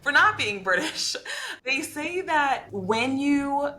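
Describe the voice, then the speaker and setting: A woman's voice: sits high, expressive, takes it slowly, pushed and bright, a little hiss or hum. A woman hosting a podcast interview, reflective and conversational, often checking in with "right?". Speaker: podcast host, veterinarian.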